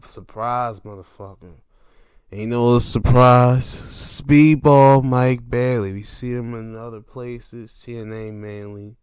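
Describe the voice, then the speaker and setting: A man hosting a casual wrestling recap, animated, swearing freely and acting out what others said. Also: lowish voice, clear, resonant tone, no room sound, studio quality. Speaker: podcast host.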